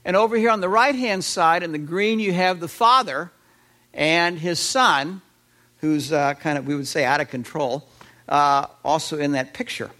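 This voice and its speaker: A man preaching a sermon, animated, with fillers and restarts. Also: fairly high pitch, normal speed. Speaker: pastor.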